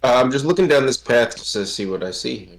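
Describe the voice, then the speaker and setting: A man playing a tabletop game, who describes his character's actions plainly and deliberately. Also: medium pitch, expressive, creaky. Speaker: player. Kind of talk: casual tabletop game chat.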